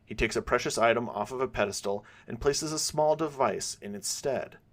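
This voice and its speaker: A man narrating a fan-made episode in a measured storytelling way. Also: medium pitch.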